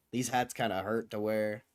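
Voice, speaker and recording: A young man hosting a livestream and answering his chat in a relaxed, slangy way. He fills his talk with easygoing fillers and loose asides. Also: mid-range voice. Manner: laid-back, slangy, full of "like" fillers. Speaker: livestream host. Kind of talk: casual chat reading viewer comments.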